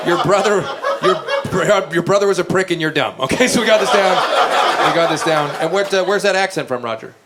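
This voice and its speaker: A man's voice: high-pitched, fairly quick, very noisy. A man doing brash, crude stand-up comedy and improvised songs with the crowd at a live venue.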